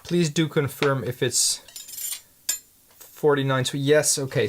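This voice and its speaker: Gravelly man rambling through studio chat. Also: medium pitch, fairly even intonation, slow, slight background noise. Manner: rambling and hesitant, many restarts. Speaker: handmade paint maker. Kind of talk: casual thinking-aloud studio chat. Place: home paint studio.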